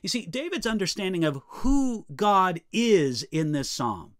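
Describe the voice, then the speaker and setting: Animated, high-voiced preacher man. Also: unhurried. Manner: expressive, rises high when reading scripture, drops low and soft on asides. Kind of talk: expository sermon.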